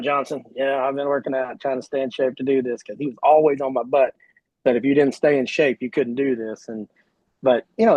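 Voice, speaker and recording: A man's voice: medium pitch, a little mellow, slightly rough, dry recording, rough recording. A man with an Oklahoma drawl, a guest on a casual podcast, rambling with lots of "you know" and restarts. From Oklahoma, USA. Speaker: guest, sprint car driver.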